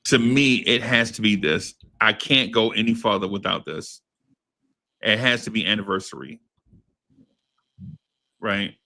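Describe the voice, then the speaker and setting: A podcast host runs a casual group music draft on a video call, playful and slangy and laughing often. His voice is fairly low with vocal fry and a sharp tone, and he keeps a measured pace with frequent pauses.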